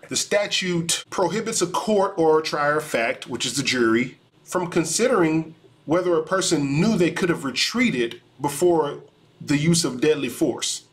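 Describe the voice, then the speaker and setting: Male attorney, reaction commentary, calm explainer, slightly high voice. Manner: measured, explanatory. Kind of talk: legal commentary reacting to video.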